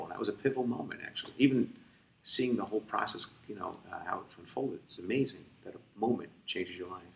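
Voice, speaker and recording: A man's voice: fairly low pitch, fast, creaky. A middle-aged man, telling a rambling story in a casual interview, tired and full of fillers. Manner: rambling, animated, many fillers and restarts. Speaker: ventriloquist interviewee. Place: convention room. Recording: echoey room, voice from far off.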